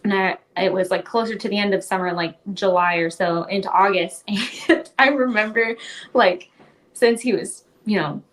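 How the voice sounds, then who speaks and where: A woman's voice: medium pitch, normal speed, fairly bright tone. A young woman, a podcast guest, telling her story in a casual interview. She talks in a chatty way, fills her speech with "like" and often laughs.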